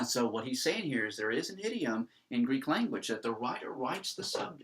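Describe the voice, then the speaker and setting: A man lecturing on Greek grammar, animated and emphatic, with many fillers. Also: mid-range voice, slightly rough. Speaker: Greek teacher. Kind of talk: classroom lecture.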